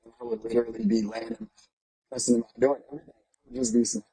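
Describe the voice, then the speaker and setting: A man talking as a guest in a casual chat, upbeat and animated, often repeating himself. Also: high-pitched, quick pace, vocal fry, husky, poor audio.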